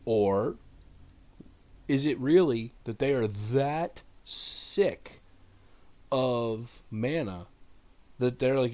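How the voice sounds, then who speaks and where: A man's voice: mid-range voice, animated, extremely slow, long pauses, dark tone. Casual, profane man riffing on scripture. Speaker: host. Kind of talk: irreverent Bible commentary.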